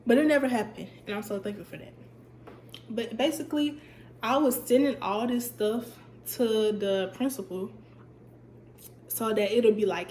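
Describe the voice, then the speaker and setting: Young woman, vlogger, casual storytime, stuffy voice, slightly high pitch, faint background hiss. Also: moderate pace, long pauses, reverberant. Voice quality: voice sounds stuffy, cuts in and out. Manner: chatty, animated, emphatic repetition.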